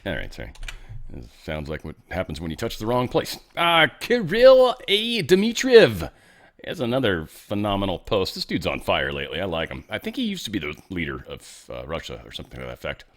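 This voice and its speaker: A man's voice: extremely low pitch, sing-song, fast, fairly bright tone. A man hosting a show, speaking casually and asking the audience rhetorical questions. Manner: folksy, conversational, asks the audience rhetorical questions. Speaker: host. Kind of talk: casual political commentary.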